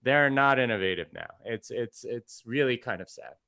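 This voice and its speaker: A man's voice: medium pitch, animated, normal speed, pushed and bright, no room sound. A man appearing as a podcast guest, explaining things in a loose, casual way with many fillers. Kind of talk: casual chat.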